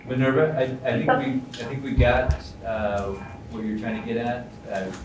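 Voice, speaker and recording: A man moderating a public meeting, gently cutting a speaker off when her time is up. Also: medium pitch, fairly even intonation, moderate pace. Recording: echoey room audio from far off, noisy.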